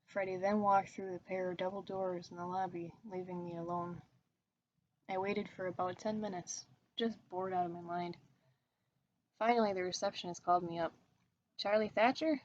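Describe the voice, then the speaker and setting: A woman narrating a horror story in a steady, even reading voice. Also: on the low side, normal speed, lo-fi sound, a little hiss or hum. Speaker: story reader.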